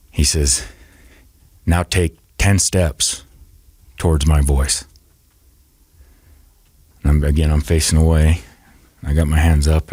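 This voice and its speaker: A man telling a personal story as a podcast guest, speaking haltingly and often repeating and restarting his words. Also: a bass voice, darkish tone, slightly rough, no room sound.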